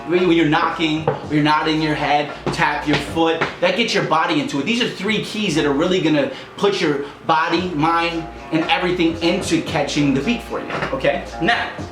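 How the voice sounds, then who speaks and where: Man, rap coach, casual upbeat tutorial, roomy echo, soft music underneath. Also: a little high, normal speed. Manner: upbeat, explains with counting and beat sounds. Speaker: rap coach and channel host. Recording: echoey room with music behind.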